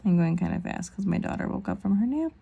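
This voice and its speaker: A woman's voice: medium pitch, expressive, fast, creaky, warm tone, husky. A woman in her thirties chatting casually through a nail tutorial, rambling with self-deprecating asides. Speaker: nail vlogger.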